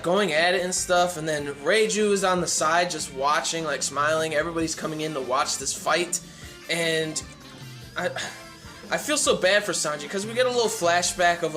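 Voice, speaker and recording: Casual male reviewer, a bit high-pitched, loose and rambling delivery. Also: pushed and bright. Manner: rambling, many "like" fillers and restarts. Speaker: manga chapter reviewer. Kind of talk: casual chapter review vlog.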